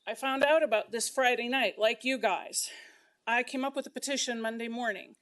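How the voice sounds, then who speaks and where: Woman, middle-aged, shop owner, indignant public comment, fairly high voice. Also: normal speed, fairly bright tone. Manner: impassioned, indignant, speaking in bursts. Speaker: local business owner giving public comment. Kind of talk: public comment at a council meeting.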